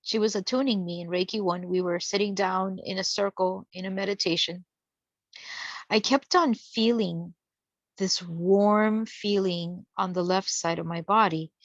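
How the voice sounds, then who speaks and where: Lady chatting thru a story, mid pitch, kinda muffled lo-fi audio. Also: fairly even intonation, unhurried, dry recording. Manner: chatty, acts out the people she quotes. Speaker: guest sharing a spiritual experience. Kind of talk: casual personal storytelling. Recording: dull, dry lo-fi sound.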